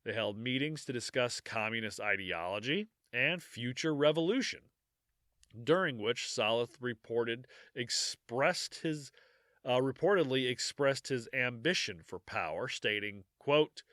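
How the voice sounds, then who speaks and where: A man's voice: medium pitch, expressive, measured pace, bright, forceful tone, no echo, clean studio sound. A man hosting a history podcast, reading from notes and breaking off for jokey asides with frequent laughter, maybe. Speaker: podcast host.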